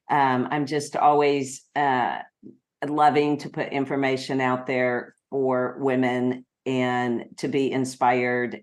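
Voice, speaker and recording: A woman hosting a podcast, encouraging and affirming her guest in casual conversation. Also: rumbling low. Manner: encouraging, affirming, frequent yeahs. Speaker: podcast host.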